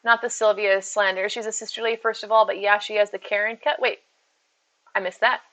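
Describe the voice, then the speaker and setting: Woman streamer, bright tone, easy casual chatter aimed at viewers. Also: mid-range voice, steady tone, brisk, poor audio. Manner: chatty, reads out and answers viewer messages. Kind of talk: casual live-stream chat. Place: at home with her cats.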